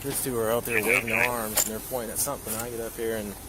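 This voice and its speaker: A male police officer questions witnesses in a calm, low-key voice. He speaks into his own bodycam, with clear street noise around him. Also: fast talker.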